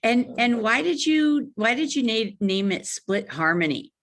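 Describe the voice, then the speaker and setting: A woman's voice: fairly high pitch, very animated, measured pace, a bit bright. A woman hosting an interview, enthusiastic and affirming, often repeating her words as she asks questions. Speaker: podcast host. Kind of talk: interview chat.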